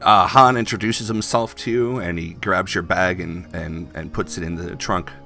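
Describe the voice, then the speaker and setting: A man's voice: low voice, fairly even intonation, normal speed, vocal fry, pushed and bright, faint music behind. A man narrating scenes as game master of a tabletop game.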